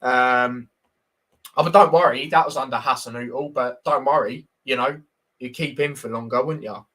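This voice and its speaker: A man's voice: medium pitch, normal speed, a bit bright. A young man giving casual, blunt football predictions on a livestream, reading stats and viewer comments with lots of fillers.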